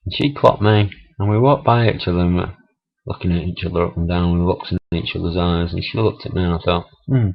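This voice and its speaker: A man's voice: low voice, brisk, creaky. A middle-aged man, telling stories in a chatty, laughing, swearing vlog monologue. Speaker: vlogger. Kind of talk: casual storytelling monologue. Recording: dull lo-fi camera audio.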